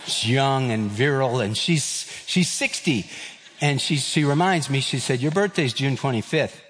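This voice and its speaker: A man's voice: medium pitch, expressive, moderate pace, fairly bright tone, in a large hall, slight background noise. A man in his fifties, a pastor giving a sermon, telling a personal story with humor and acting out voices. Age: 50s. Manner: storytelling, acts out voices, self-deprecating humor.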